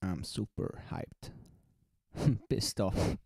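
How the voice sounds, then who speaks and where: A man's voice: lowish voice, unhurried, creaky, dark tone, no room sound, clean studio sound. A man judging beatbox entries on a casual live reaction stream, joking, swearing and laughing often.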